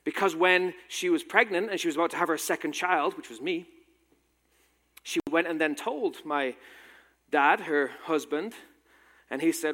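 A man in his thirties with a British accent touched by American sounds tells a personal story to an audience with dry, self-mocking humor. His voice sits a little high for a man. A long reverb from a large hall trails behind every phrase. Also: measured pace, long pauses, fairly bright tone. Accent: British with a slight American tinge. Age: 30s. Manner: wry, self-deprecating humor. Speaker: speaker giving a talk.

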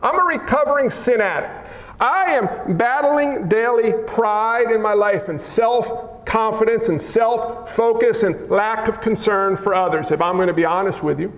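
A man preaching a sermon in an animated, joking way, acting out what people say. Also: sits high, a little slow. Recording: echoey hall.

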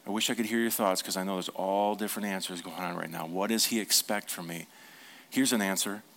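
A pastor with a low, steady voice preaches a sermon at a fairly quick pace. He poses questions to the congregation and repeats them, then lowers to a hushed tone for the tender moments.

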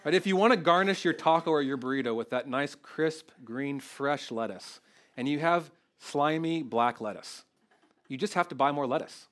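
A man's voice: a little high, normal speed, a bit bright. A man preaching a sermon, earnest and conversational, often restarting his phrases and growing emotional. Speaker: pastor.

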